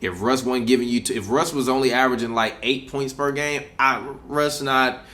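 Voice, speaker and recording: A man's voice: mid-range voice, steady tone, moderate pace, pushed and bright. A young man, co-hosting a casual sports podcast at home, blunt and profane, hammering his points by repeating them. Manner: blunt, emphatic, profane, repeats himself for emphasis. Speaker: podcast co-host. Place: apartment room.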